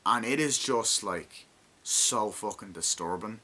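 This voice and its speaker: A man's voice: fairly low pitch, slow, sharp tone. A young man in his twenties giving a rambling, profanity-heavy casual movie review and acting out lines from the film. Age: 20s.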